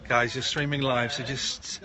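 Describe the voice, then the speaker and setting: A man's voice: mid-range voice, a little slow, a crowd in the background. A man who hosts a radio show, walking a live stream through the station offices and joking cheekily. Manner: cheeky, excitable, bursts into shouting. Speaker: radio host. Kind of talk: casual banter on a live stream.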